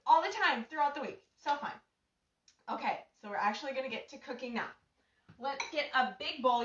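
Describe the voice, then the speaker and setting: A bubbly woman hosts a live cooking show from her home kitchen, her high voice bright and cheerful. She is picked up from a distance in an echoey room, and the sound is a little dull. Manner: bubbly and gushing, greets viewers by name.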